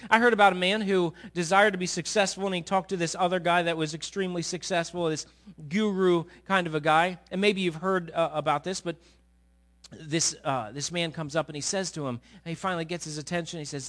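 A man preaching a sermon, telling a story and sketching on a board as he speaks, dropping low during the story and rising forcefully. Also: fairly even intonation, brisk. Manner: drops to a low murmur while telling a story, then rises forcefully. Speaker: pastor.

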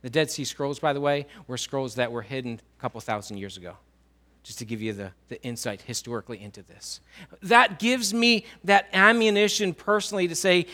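A man preaching a sermon in a church, swinging between loud emphasis and quiet low lines and drawing answers from the congregation. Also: animated, moderate pace. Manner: asks the congregation questions and writes on a whiteboard. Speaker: pastor.

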